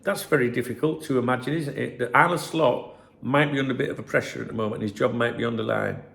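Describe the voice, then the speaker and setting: Gravelly, sarcastic football host. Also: male voice, medium pitch, fast, a bit bright. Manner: sarcastic, rambling, mocking reads of press claims. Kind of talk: casual commentary to camera.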